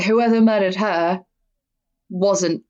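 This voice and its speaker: A woman's voice: mid-range voice, fairly even intonation, slow, darkish tone. Blunt woman telling crime stories. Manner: candid, blunt, swears freely. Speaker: podcast host. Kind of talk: casual true-crime storytelling. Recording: dull lo-fi audio.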